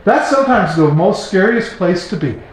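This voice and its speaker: A man's voice: high voice, lively intonation, normal speed. A man in his forties reading Bible verses aloud and breaking in with casual asides. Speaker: Bible teacher. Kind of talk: informal Bible reading and commentary. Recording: very echoey room.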